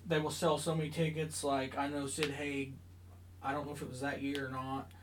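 A man's voice: mid-range voice, level tone, brisk, slight background noise, poor audio. A man chatting casually on a podcast, telling a long story with lots of fillers and asides. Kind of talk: casual chat.

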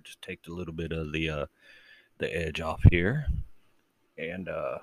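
A man hosting a casual late-night solo podcast from his bedroom, talking low and quietly, rambling and crude and mocking himself. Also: fairly even intonation, a little slow, a little hiss or hum. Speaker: podcast host. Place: bedroom at home with the door shut.

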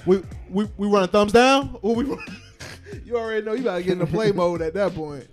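Man, young adult, podcast co-host, casual, slangy, higher voice, faint music behind. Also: fairly quick. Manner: laid-back, joking, slangy. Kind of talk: casual chat.

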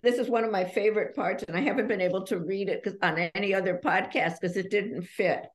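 A middle-aged woman, an author guest on a podcast, chatting and reading passages from her book in an animated, storytelling way. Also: medium pitch, fairly quick. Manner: animated storyteller who reads passages aloud. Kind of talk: podcast conversation.

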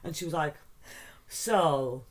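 Animated storyteller, middle-aged. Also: medium pitch, fairly quick. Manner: animated, mimics voices in stories, swears casually. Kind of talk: casual chat, anecdotal storytelling.

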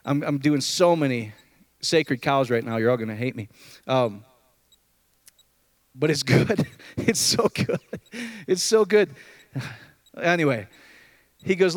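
Guy preaching loose and chatty, keeps asking the room stuff, voice shoots way up then drops low, kinda high voice, dry close sound. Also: moderate pace, long pauses, no room sound. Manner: animated, jumps between loud high outbursts and low murmurs; conversational, asks the room questions. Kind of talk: informal sermon to a group.

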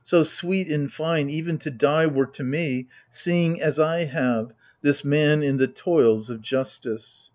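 A man reading the lines of a gloating usurper in a proud, measured declaiming manner. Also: fairly high pitch, a little mellow, highs cut off. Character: gloating usurper, avenger of his father.

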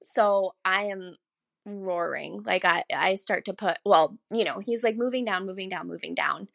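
A young woman telling a personal story as a podcast guest, chatty and animated, full of likes and self-corrections, acting out the voices of the people she quotes. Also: moderate pace, creaky, dry recording. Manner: animated, acts out quoted voices with big pitch jumps. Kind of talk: casual storytelling.

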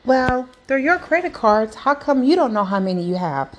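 A woman's voice: high-pitched, big pitch swings, moderate pace, pitched above the performer's own voice. A woman doing a flustered male phone caller. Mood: evasive. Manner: hesitant, evasive. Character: evasive male credit card caller, flustered.

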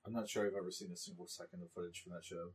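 A man in casual podcast chat, making dry, deadpan remarks. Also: low-pitched, rapid-fire.

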